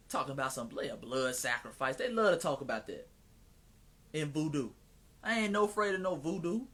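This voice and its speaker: Male live-stream host, slightly high pitch, animated preacher-like cadence, mocking asides. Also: normal speed. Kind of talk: casual live-stream commentary.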